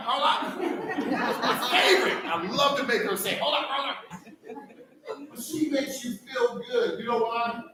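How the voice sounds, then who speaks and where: Man, district leader, high voice, preacher-like, heard from afar in a very echoey hall. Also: a bit bright. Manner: preacher-like, fires rhetorical questions at the crowd. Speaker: school district leader addressing staff. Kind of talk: motivational speech to a live audience. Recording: echoey hall from far off with faint noise.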